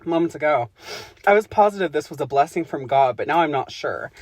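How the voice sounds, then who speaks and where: A woman's voice: low voice, lively intonation, brisk, a little mellow, no room sound. Giggly woman reading crude fiction aloud. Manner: giggly, crude, self-interrupting. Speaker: podcast co-host. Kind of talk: reading erotica aloud with banter.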